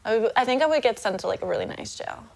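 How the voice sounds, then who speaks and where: An American woman, a mentor to adult industry workers, speaking candidly in a documentary interview in a nervous, emotional and halting way. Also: a little high, lively intonation, creaky, a little mellow.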